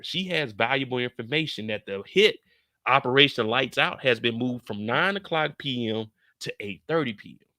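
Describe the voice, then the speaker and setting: Sharp-voiced man joking through a TV recap. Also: mid-range voice, no room sound, studio quality. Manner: profane, joking, addresses viewers directly. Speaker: TV show recap host. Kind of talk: casual episode recap commentary.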